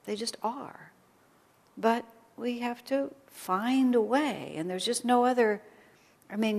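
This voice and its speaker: A woman giving an informal spiritual talk to a small group, gentle and conversational, sometimes dropping almost to a whisper. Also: mid-range voice. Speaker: spiritual teacher. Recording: long reverb of a hall.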